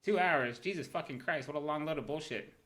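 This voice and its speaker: This is a man with a slightly high, fairly bright voice, recorded roughly, hosting a livestream about crypto trading. He covers market charts at speed, swearing and drifting from thought to thought, with "right?" stuck onto his points throughout the laid-back commentary.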